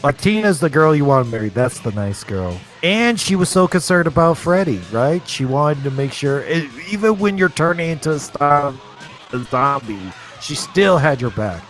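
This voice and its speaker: A man's voice: on the high side, big pitch swings, moderate pace, fairly bright tone, faint music behind. A young adult man casually chatting and rambling as he hosts a live stream, laughing often.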